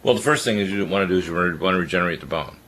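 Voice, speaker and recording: A man on a radio health talk show, giving rapid, rambling and opinionated advice. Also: sits low, fairly bright tone, slight background noise.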